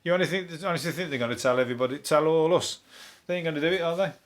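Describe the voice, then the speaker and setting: A man, a comedian hosting a topical comedy podcast, ranting in a rambling, sweary, deadpan way. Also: on the high side, rapid-fire. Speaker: comedian host.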